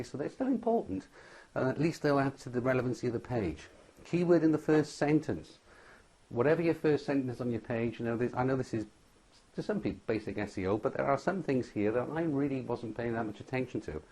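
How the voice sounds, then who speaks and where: A man's voice: medium pitch, darkish tone. A man giving a tutorial lecture on website ranking, stressing each point and often checking in with "okay?". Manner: emphatic, repeats "okay?" as a check-in. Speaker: SEO instructor.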